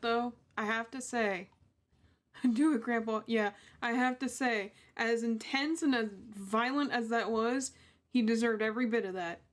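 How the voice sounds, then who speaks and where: A young woman chatting casually as she reacts to a true crime video, animated and mocking. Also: fairly high pitch. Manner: animated, laughing, mimics people mockingly. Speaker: reaction streamer.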